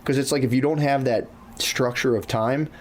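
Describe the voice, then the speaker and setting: A man's voice: mid-range voice, steady tone, normal speed. A man co-hosting a podcast in loose casual chat, swearing freely, saying "dude" often and acting out his own thoughts. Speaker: podcast co-host.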